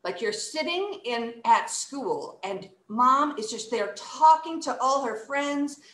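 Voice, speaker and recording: A woman's voice: high-pitched, slow. A woman in her thirties teaching children an online poetry reciting lesson, acting out emotions with her voice. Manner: animated, acts out emotions with her voice. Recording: echoey room.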